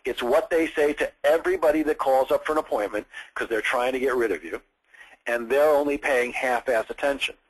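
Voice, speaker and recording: Male sales trainer, husky, direct, explains step by step, broadcast feel. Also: mid-range voice, a little fast, rough recording. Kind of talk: coaching session on phone scripts.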